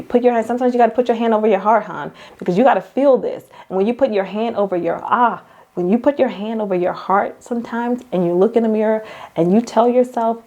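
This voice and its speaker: A woman's voice: mid-range voice, quick pace, darkish tone. A woman host giving a motivational faith talk, speaking straight to the listener like a coach, repeating key phrases and calling her girl and hon.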